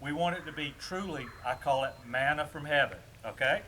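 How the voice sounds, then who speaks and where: A man's voice: on the high side, fairly quick, pushed and bright, a little hiss or hum. A man teaching dog obedience training, explaining commands to viewers in a chatty, instructive way while working with a puppy outdoors.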